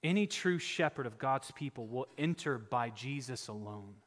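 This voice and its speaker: A male pastor preaching a sermon, emphatic, swinging from loud exhortation down to near-whispers. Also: medium pitch, expressive, normal speed, in a large hall.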